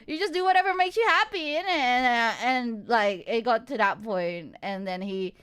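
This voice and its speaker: A woman streamer telling a story in casual chat, animated, laughing often and swearing freely. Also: on the high side, moderate pace, smooth.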